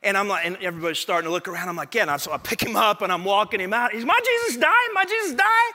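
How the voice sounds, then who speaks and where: A man voicing a bewildered three-year-old boy who keeps repeating himself in a high, childish wail. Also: racing, bright, forceful tone, big-room sound. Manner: wailing, high childish repetition.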